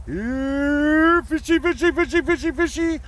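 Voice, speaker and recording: A man voicing a big cheerful puppet fisherman who calls fish in a high, squeaky sing-song. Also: measured pace, fairly bright tone.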